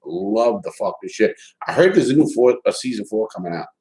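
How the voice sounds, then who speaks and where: A man hosting a casual live stream, reading viewer chats aloud and talking loosely, swearing and repeating words in quick bursts. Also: fairly low pitch, expressive, warm tone.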